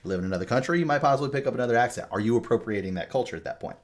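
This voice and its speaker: A man from the American South with a softened Southern accent, hosting a podcast discussion emphatically and swearing freely. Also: mid-range voice, animated, rapid-fire. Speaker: podcast host.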